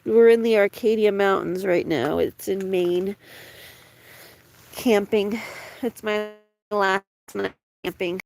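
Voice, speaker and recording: An American woman vlogging casually from a tent on a campsite at night, rambling with many fillers and slipping into high baby talk with her dog. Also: fairly even intonation, slow pace, creaky, pauses often, darkish tone. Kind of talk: casual chat to camera.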